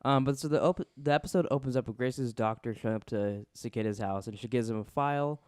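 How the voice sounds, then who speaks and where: A man's voice: medium pitch, darkish tone, no echo, clean studio sound. A man co-hosting a casual podcast, recapping a TV episode in a chatty way and acting out quotes. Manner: quick, chatty, many restarts, acts out quotes. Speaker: podcast co-host.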